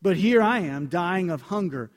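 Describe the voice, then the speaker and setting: Male pastor, lightish voice, warm direct sermon delivery with Bible readings, echoing sanctuary. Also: sits high, lively intonation, normal speed. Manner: earnest, conversational, addresses congregation directly. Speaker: preacher. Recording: long hall reverb.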